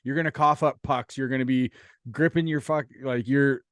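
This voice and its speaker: Laid-back, swearing podcast host. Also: male voice, medium pitch, fairly even intonation, moderate pace, no echo, clean studio sound. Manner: laid-back, profane, laughs often. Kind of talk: casual interview chat.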